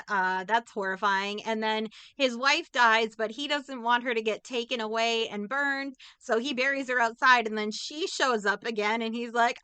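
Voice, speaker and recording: A woman co-hosting a podcast casually recaps a movie plot, cracking sarcastic jokes and acting out the characters' lines. Her voice is a little high and a little slow, pushed and bright yet smooth, with no room sound.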